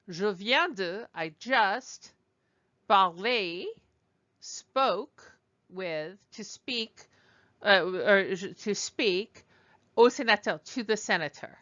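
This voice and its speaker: A woman teaching a language lesson over slides, explaining slowly and digressing as she goes. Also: mid-range voice, animated, fairly bright tone, dull audio. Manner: explanatory, digressive, with fillers and restarts. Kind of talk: recorded lecture over slides.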